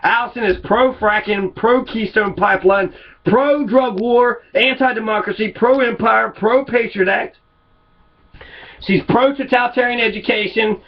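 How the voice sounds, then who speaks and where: Furious swearing man, high voice. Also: a little slow, muffled recording. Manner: angry, swearing, repetitive. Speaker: political commentator. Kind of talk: profane political rant.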